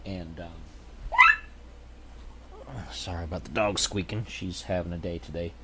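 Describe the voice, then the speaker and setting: Low-pitched and unhurried, this channel host talks solo in a steady, fairly bright voice against slight background noise. He's an adult with a young daughter, and his casual chat wanders, full of hedges, self-doubt and sentences he starts over.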